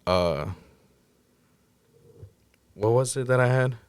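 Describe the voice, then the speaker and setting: A man on a podcast telling a story in casual, blunt, profane speech, acting out the moments when he shouted. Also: mid-range voice, slow, clean tone, dry recording. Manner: blunt, profane, acts out his own shouting. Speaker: podcast guest recounting a crisis.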